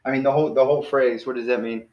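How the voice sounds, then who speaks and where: A man teaching a language class online, patiently coaching students and slowly spelling out words. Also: mid-range voice, steady tone. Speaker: Greek teacher. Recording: echoey, muffled video call audio.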